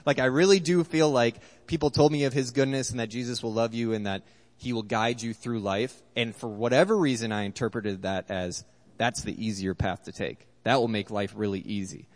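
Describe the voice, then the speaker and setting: A man's voice: mid-range voice, fairly quick. A man preaching an earnest sermon as a pastor, reading scripture aloud. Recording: long hall reverb.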